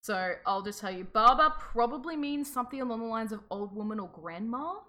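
A woman co-hosting a podcast, telling a folklore story in a giggly, animated casual chat. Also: on the high side, a little fast. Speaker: podcast co-host.

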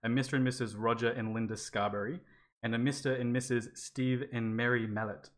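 A woman's voice: rumbling low, fairly even intonation, a little fast. A woman co-hosting a podcast, telling a spooky story in casual chat, swearing freely and laughing often. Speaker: podcast co-host.

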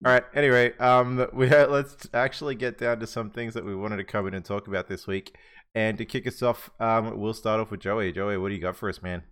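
A man's voice: on the low side, level tone, a little fast, fairly bright tone, smooth. A man hosting a casual podcast chat among friends, laid-back, swearing and laughing often. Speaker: podcast host.

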